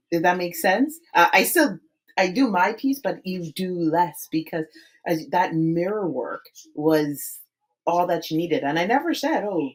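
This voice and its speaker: A woman's voice: deep voice, rough recording. A woman in her forties hosting a podcast interview, chatting animatedly and laughing often between phrases. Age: 40s. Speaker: podcast host. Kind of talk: casual interview chat.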